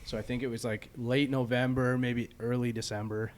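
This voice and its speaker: A man hosting a podcast, chatting casually with a guest at a golf venue, with relaxed, filler-heavy talk. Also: medium pitch, moderate pace. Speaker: podcast host. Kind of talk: casual chat.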